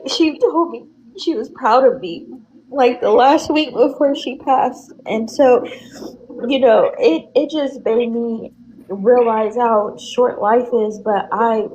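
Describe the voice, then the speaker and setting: A woman's voice: on the high side, slow, a little mellow, highs cut off, slight background noise. A woman guest telling personal stories in a casual chat, earnest and full of "you know" fillers.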